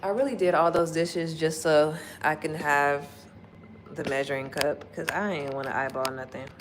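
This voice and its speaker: A woman with a slightly low voice chats casually with her viewers from her kitchen. She laughs often and acts out little quotes as she goes, lively and chatty. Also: moderate pace, slight background noise, poor audio. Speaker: livestream host chatting with viewers. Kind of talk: casual chat.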